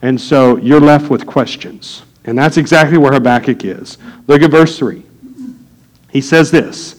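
A man's voice: medium pitch, a little slow, rough recording. Guy preaching, chatty sermon style, lots of ums, pokes fun at the crowd. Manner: conversational, joking with the congregation, many fillers. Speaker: pastor.

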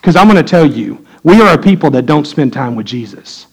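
A man preaching a sermon as pastor in a church, telling a story in low asides and rising into high, urgent preaching. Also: big pitch swings, brisk, gravelly, husky, poor audio. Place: church sanctuary.

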